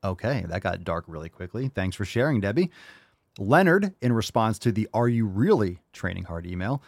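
A man's voice: lowish voice, very animated, normal speed, a little mellow, no echo. Male host, casual fitness chat, blunt and profane, dry mic. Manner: blunt, profane, tough-love ranting. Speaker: podcast host.

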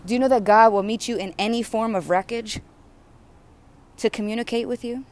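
A woman's voice: on the high side, steady tone, fairly quick, a little mellow, a little hiss or hum. Fervent woman preaching a prayer. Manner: repetitive, rhythmic, fervent preaching. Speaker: spiritual speaker. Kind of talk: impassioned prayer sermon.

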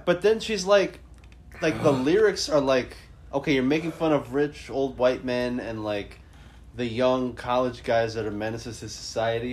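A man co-hosting a podcast, reacting to videos in casual, profane, wry chat. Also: medium pitch. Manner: wry, swearing, lively reactions. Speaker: podcast co-host. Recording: faint background noise.

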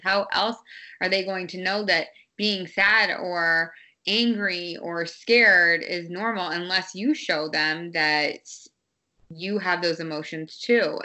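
A woman's voice: fairly low pitch, sharp tone. A woman in her thirties, a mother talking candidly about parenting in a casual conversation, with many fillers and restarts. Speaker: guest, parent.

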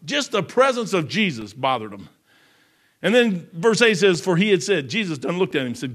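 A man preaching a sermon in a folksy, emphatic way, swinging between loud outbursts and hushed low passages. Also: very animated, fairly quick.

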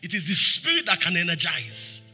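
A man's voice: big pitch swings, moderate pace, husky, faint music behind. A Nigerian man preaching a sermon as pastor, throwing rhetorical questions at the congregation and acting out scripture quotes. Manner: acts out scripture quotes, dropping soft and low for pleading lines.

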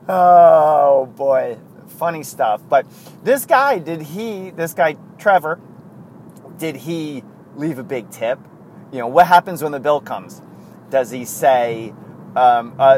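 A man's voice: fairly high pitch, big pitch swings, takes it slowly, a little hiss or hum. A man hosting a casual sports talk show, rambling and interrupting himself, chuckling often as he goes.

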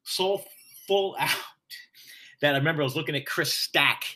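Male actor, bright and forceful tone, profane energetic storyteller in casual chat. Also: fairly high pitch, normal speed, a little hiss or hum. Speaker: stage actor, guest.

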